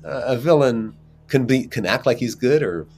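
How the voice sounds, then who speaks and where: A man, an actor, chatting as an interview guest and telling lively stories with frequent laughs. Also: mid-range voice, moderate pace. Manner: animated storyteller, laughs often. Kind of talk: casual interview chat.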